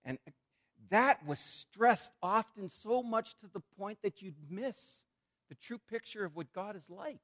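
A man preaching a sermon as a pastor, in a conversational, animated way with frequent repetitions. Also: high-pitched, unhurried.

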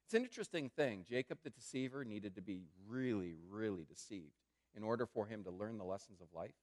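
A man preaching a sermon in a conversational way, calling his listeners friends and swinging between loud emphatic phrases and quiet, hushed asides. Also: lowish voice, lively intonation, brisk. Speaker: pastor.

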